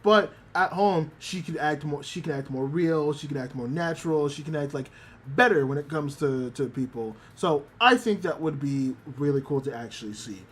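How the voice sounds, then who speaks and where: A man with a fairly high voice talks at a moderate pace on a live stream, speaking straight to his chat. He casually retells an anime episode, restarting often and swearing now and then.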